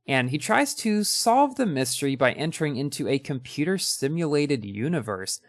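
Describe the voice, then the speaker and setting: A man's voice: mid-range voice, no echo, clean studio sound. A young man hosting a casual ranking of his favorite movies, talking with enthusiasm and a few ums and restarts.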